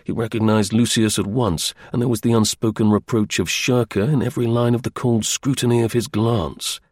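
A man reads a first-person adventure as an audiobook, measured and even. His voice is husky and mid-pitched. The recording is dry and close. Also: no echo. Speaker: audiobook narrator.

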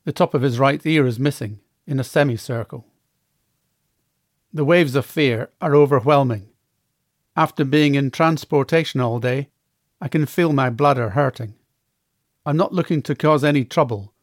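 Brief: a male memoir narrator, measured delivery, mid-pitched, dry and close. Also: no room sound. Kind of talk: first-person audiobook narration.

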